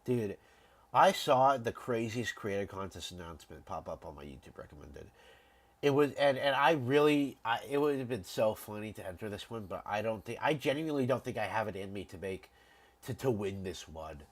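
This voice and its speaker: A man's voice: fairly low pitch, expressive, normal speed. A man with a head cold chatting casually on a game stream, rambling and repeating words as he restarts sentences. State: congested from a cold. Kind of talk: casual live-stream chat.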